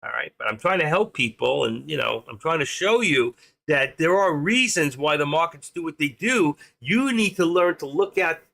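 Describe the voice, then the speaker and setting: An older man hosting a live trading stream, talking in an excitable, rambling casual way. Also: a little high, moderate pace, vocal fry.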